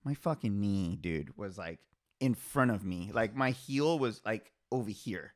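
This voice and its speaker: A young man hosting a podcast, telling a story in a loose, animated way, laughing often and leaning on filler words. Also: on the low side, a little slow, no room sound, studio quality. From Hispanic family background. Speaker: podcast host. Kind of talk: casual storytelling chat.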